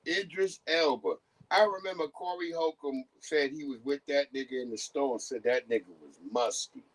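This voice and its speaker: A man's voice: a little high, moderate pace, dry recording. A man hosting a livestream who talks in casual, profane commentary and acts out the voices of people he quotes. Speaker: livestream host.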